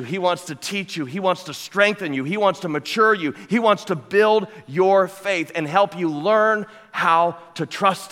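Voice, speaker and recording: A man's voice: on the high side, fairly bright tone. Emphatic male pastor in a reverberant church. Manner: emphatic, building with repeated phrases and rhetorical questions. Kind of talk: sermon. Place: church sanctuary. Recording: long hall reverb.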